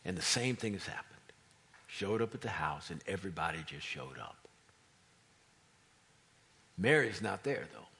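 A man's voice: low-pitched, very animated, moderate pace, gravelly, pauses often, pushed and bright, breathy edge. A man preaching a sermon, retelling a story and acting out the voices of the crowd. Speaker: pastor.

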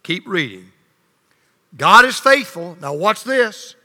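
A male pastor preaching a sermon, swinging between loud emphasis and hushed low lines, leading the congregation in call and response. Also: sing-song, measured pace. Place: church sanctuary. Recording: long reverb of a large hall.

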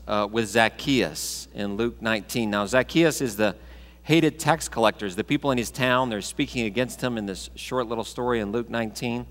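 Male pastor, mid-pitched voice, relaxed preaching style, church reverb. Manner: conversational, unhurried preaching with scripture readings. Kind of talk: sermon. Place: church sanctuary. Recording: long hall reverb of a church.

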